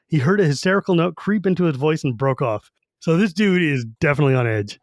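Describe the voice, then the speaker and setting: Animated man retelling a story. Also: a little high, fast, no room sound, studio quality. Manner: animated retelling, acting out characters. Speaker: podcast co-host. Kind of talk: casual book discussion.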